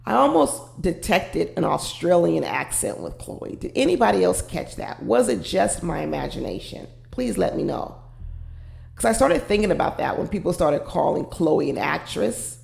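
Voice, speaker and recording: A woman's voice: fairly low pitch, very animated, moderate pace, vocal fry, darkish tone, echoey room. A woman commenting casually and with firm opinions on a reality show, talking straight to her viewers.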